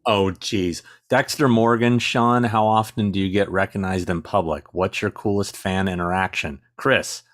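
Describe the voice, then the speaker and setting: A man co-hosting a casual live chat, telling stories in an animated way and laughing easily. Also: deep voice, normal speed, few pauses. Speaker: co-host.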